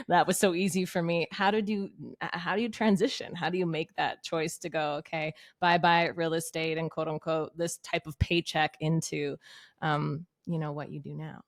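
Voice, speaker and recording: A woman's voice: sits low, level tone, normal speed, no room sound, studio quality. A woman podcast host asking her guest long, searching questions in a conversational way. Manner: rambling, searching questions with laughs.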